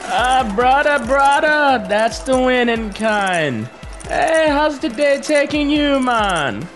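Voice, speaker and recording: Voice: high voice, big pitch swings, slow, a bit bright, faint music behind, heavily acted. A performer voicing a laid-back male island gambler who talks in thick slang. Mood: easygoing. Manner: drawling slang, easygoing.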